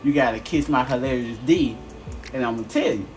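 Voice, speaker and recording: A man's voice: mid-range voice, fairly quick, darkish tone, far from the mic, faint music behind, lightly acted. A man voicing a smug male fly in a joke.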